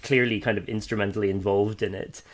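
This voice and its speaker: A man's voice: fairly low pitch, fairly even intonation, fast talker. An Irish man co-hosting a podcast, chatting loosely about a film, laughing often and restarting his sentences. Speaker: podcast co-host. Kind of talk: casual film discussion.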